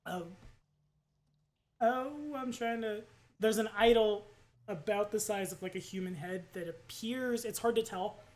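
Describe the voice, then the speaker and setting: A man running a tabletop game as game master, talking casually with halting descriptions and frequent laughs. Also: sits high.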